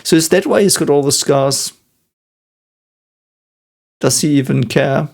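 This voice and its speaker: A man's voice: on the high side, a little slow, creaky, darkish tone, soft background music. A man, a physicist, giving casual reaction commentary and analysing things reflectively as he thinks aloud. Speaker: physicist reacting to an anime episode.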